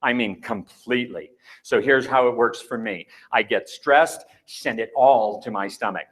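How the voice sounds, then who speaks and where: A man's voice: medium pitch, unhurried, a bit bright, breathy edge. A middle-aged man giving a playful, candid talk to a live conference audience, joking at his own expense. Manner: playful, candid, self-mocking. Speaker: conference speaker.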